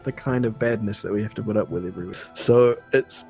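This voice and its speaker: A man's voice: fairly low pitch, fast, dark tone, faint music behind. A man co-hosting a podcast, chatting casually and enthusiastically, often restarting his sentences. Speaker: podcast co-host. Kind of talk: casual chat.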